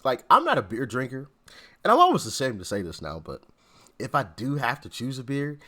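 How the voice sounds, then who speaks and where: A man's voice: mid-range voice, wildly swooping pitch, a little fast, pushed and bright. A man hosting casual political reaction commentary, laughing and exasperated, talking in informal slang.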